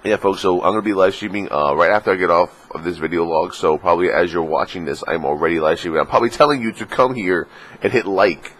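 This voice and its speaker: A man's voice: low-pitched, fast talker, fairly bright tone. A man vlogging casually, joking crudely and rambling with lots of fillers, a little sniffly in the morning. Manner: crude, joking, full of fillers, slips into mocking put-on voices. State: sniffly, just woke up. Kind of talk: casual vlog rant.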